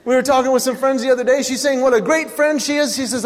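High voiced guy doing standup, family stories, punchy delivery, echoing big hall. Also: quick pace. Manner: animated storytelling with punchlines. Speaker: stand-up comedian. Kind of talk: stand-up comedy routine. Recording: reverberant hall with faint ambience.

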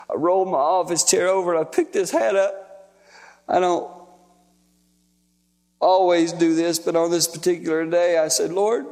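A man preaching, telling a personal story in a folksy, emotional, animated way. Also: sits high. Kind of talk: sermon storytelling. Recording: long hall reverb.

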